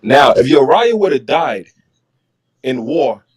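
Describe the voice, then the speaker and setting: A man's voice: mid-range voice, very animated, slow, slightly rough. A man leading a Bible study, reading verses aloud and then explaining them in casual, slangy talk. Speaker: Bible teacher. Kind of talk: casual scripture teaching.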